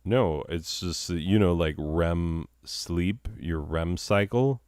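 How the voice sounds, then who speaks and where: A man's voice: low voice, slow pace, a little mellow, smooth, no room sound, clean studio sound. A man hosting a comedy show, rambling through improvised, self-mocking banter full of fillers.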